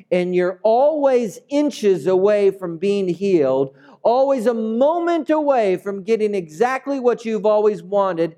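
A man's voice: high voice, warm tone. A man preaching a sermon in a conversational way that builds to emphatic peaks. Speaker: pastor.

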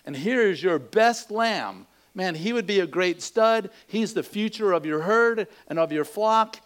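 High-voiced folksy preacher. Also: male voice, animated, a little slow, fairly bright tone. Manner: folksy storytelling, acts out voices in jokes. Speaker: pastor. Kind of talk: sermon with a joke.

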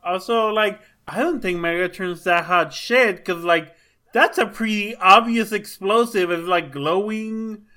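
A man's voice: sits high, unhurried, sharp tone. A man joking around crudely as a podcast co-host in casual banter. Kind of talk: casual chat.

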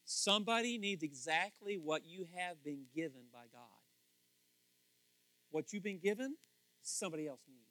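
A man preaching a lively sermon, swinging from hushed asides to loud excited bursts and laughing often. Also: on the high side, moderate pace, pauses often, no echo. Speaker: pastor.

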